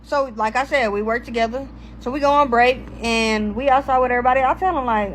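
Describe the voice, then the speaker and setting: A young woman with a high voice tells a personal story straight to her audience. Her delivery is loose and full of swearing, and she drifts off track and asks herself where she was. There is a faint hiss under her voice. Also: a little fast, rough recording. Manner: profane, rambling, loses her place. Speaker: storytime vlogger. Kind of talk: casual storytime monologue.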